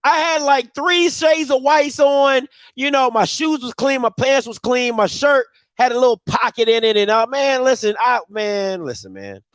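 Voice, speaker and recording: A man, hosting a live show and telling a story in casual chat, animated and swinging from loud outbursts to low murmurs. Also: moderate pace, few pauses, no room sound. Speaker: podcast host.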